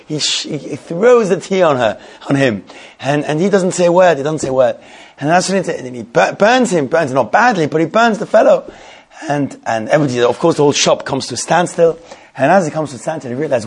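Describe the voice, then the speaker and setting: A man teaching a Torah class who tells a story in a rapid, animated way, repeating himself and restarting his sentences often. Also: fairly high pitch, husky.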